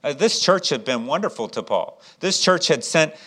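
A man's voice: on the high side, animated, normal speed, bright, forceful tone, husky. A man preaching a sermon as pastor, with frequent restarts, rhetorical questions and rising emphasis.

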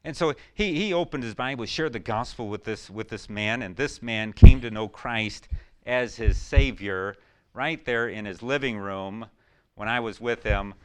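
Male pastor, mid-pitched, smooth and resonant, rambling folksy sermon with sudden whoops. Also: unhurried. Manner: folksy storytelling with many fillers, bursting into whoops.

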